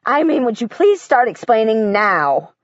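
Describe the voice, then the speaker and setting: A kindly female teacher from a storybook, her voice soft and shaky with worry, as a woman narrator puts her on. The sound is dry and a little dull. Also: fairly high pitch, sing-song, measured pace, no echo. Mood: gentle. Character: gentle concerned female teacher, adult.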